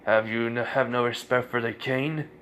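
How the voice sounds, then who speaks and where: A man's voice: medium pitch, fairly even intonation, moderate pace, fairly bright tone, a little hiss or hum, close to an everyday voice. Guy doing a stuffy royal minister, formal and a bit scolding.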